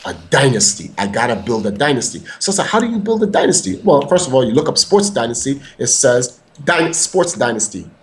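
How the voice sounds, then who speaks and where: A man's voice: medium pitch, big pitch swings, fairly quick, hardly any pauses. Emphatic, profane male podcast host. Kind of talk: casual rant.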